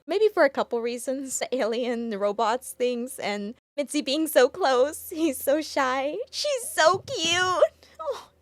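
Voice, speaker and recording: A woman hosting a reaction video, talking emotionally and stumbling over her words as she gets excited. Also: on the high side, no room sound.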